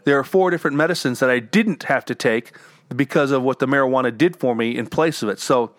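A man's voice: mid-range voice, quick pace, dry recording. A middle-aged man talking candidly at home about getting through illness, earnest and often repeating words as he goes. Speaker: cancer survivor and entrepreneur sharing advice. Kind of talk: candid personal talk. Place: home with dogs.

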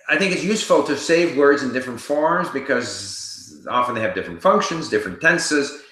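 A man hosting a casual live Q&A, reading viewer questions aloud and answering them in a relaxed, explanatory way while he thinks aloud. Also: mid-range voice, reverberant, poor audio.

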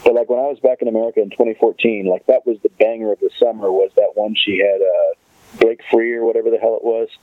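A man's voice: fairly low pitch, steady tone, fast, no echo. A man hosting a podcast in loose, rambling casual chat, swearing now and then. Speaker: podcast host. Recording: tinny phone-like line.

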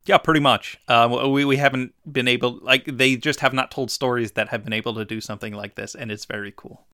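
Bright, crisp male podcast host. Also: medium pitch, fairly even intonation, brisk, dry recording, clean studio sound. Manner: enthusiastic, descriptive, with fillers. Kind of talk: casual chat.

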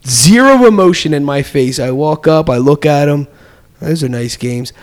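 Animated storytelling man, higher voice. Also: normal speed. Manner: animated, acts out quoted voices with laughs. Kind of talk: casual storytelling in conversation.

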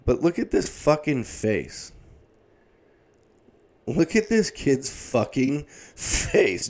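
A medium-pitched, slightly mellow male voice belongs to a man in his thirties who rants for comic effect, exasperated and cursing heavily throughout.

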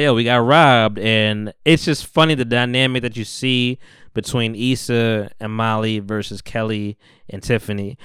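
A young podcast host recaps a TV episode in a laid-back, slangy chat, acting out the characters' lines. His medium-pitched voice is fairly bright and clean, recorded with clean studio sound and no room sound.

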